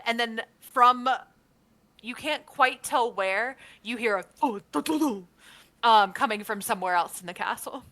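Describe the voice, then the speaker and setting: A woman narrating as dungeon master, with brisk narration, frequent fillers and mid-sentence corrections. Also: fairly high pitch, pushed and bright. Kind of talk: narrating a tabletop game.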